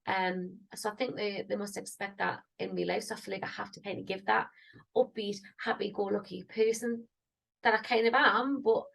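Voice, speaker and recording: A woman's voice: mid-range voice, vocal fry, husky, poor audio. A woman, rambling and thinking aloud in a casual vlog. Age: 30s. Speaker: singer vlogging.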